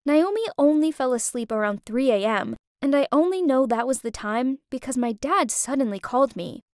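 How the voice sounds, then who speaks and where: High-voiced young woman telling a story. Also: normal speed, no room sound, clean studio sound. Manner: lively, emotive telling. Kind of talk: first-person story narration.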